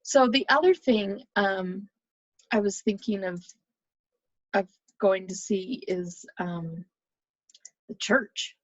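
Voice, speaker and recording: Chatty American woman, husky dry voice. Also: mid-range voice, takes it slowly, pauses often, no room sound, dull audio. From United States. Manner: chatty, nostalgic, talks over a map tour. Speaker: vlogger. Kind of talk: casual reminiscing chat.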